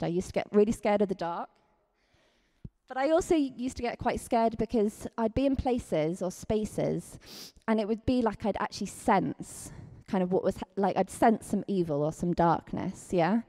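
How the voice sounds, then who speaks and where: A woman with a Scottish accent preaching a chatty, lively sermon, acting out quotes with big leaps in pitch. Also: normal speed.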